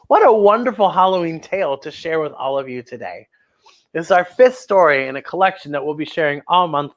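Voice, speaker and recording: A woman hosting a children's story time, reading a picture book aloud in an animated, expressive way and exclaiming over the pictures. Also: low-pitched, muffled recording.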